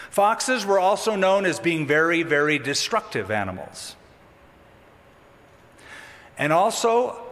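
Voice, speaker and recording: A man preaching a sermon with a lively, dramatic delivery that rises and drops sharply. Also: a little high. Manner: animated, dramatic with sudden drops. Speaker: pastor. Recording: long reverb of a hall.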